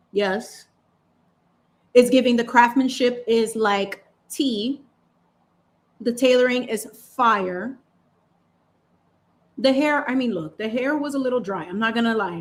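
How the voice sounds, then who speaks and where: Woman host, fairly high voice, casual paint-and-chat, chatty and playful with slang. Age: adult parent. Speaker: channel host.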